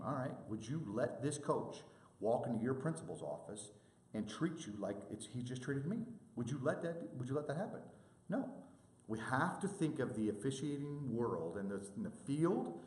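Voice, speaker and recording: Animated man presenting in an echoey room. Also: medium pitch, moderate pace. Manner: animated storytelling, acts out quoted people. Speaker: sports officiating presenter. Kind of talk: presentation to officials.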